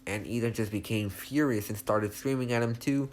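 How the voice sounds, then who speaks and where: A man's voice: medium pitch, normal speed. A young man casually retelling a fan story, rambling and hesitant with many restarts.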